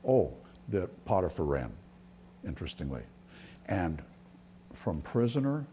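A male pastor preaches in a low, mellow voice. He talks earnestly, stumbling over restarts and at times sinking almost to a whisper. A faint hum sits behind him. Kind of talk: sermon.

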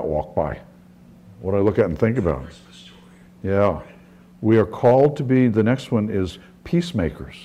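With a dark-toned, mid-range voice, a middle-aged man preaches as a pastor. He tells his stories in a conversational way, often starting sentences over.

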